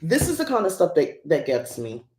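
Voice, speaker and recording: A woman's voice: sits low, very animated, normal speed, dark tone, echoey room. A woman hosting a casual unboxing chat who rambles and laughs often. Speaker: host.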